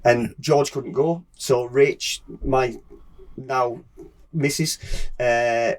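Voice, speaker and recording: A man's voice: medium pitch, steady tone, extremely slow. A middle-aged man from England, a guest on an interview podcast, telling stories in a chatty, laughing way with many yeahs. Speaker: guest racer. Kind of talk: casual interview chat.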